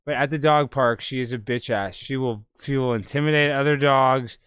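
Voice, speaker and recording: A man hosting a live video podcast, talking in a rambling, excitable way. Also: mid-range voice, moderate pace, clean tone, dry recording. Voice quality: loud, sing-song hype intro. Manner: rambling, excitable, talks over his cat. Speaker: podcast host.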